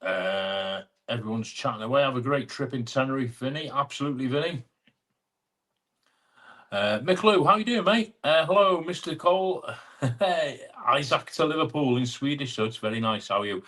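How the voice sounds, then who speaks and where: A man, hosting a casual live chat. His voice sits at an ordinary middle pitch while he greets viewers by name and teases them in friendly banter. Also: animated, normal speed, a bit bright. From England (Chester). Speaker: live-stream host.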